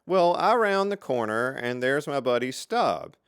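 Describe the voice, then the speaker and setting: A middle-aged man hosting his own channel, telling stories from his engineering career in a casual, lively way. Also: medium pitch, clear, resonant tone, no echo, studio quality. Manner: lively, animated storyteller with dramatic pauses. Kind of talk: casual storytelling to camera.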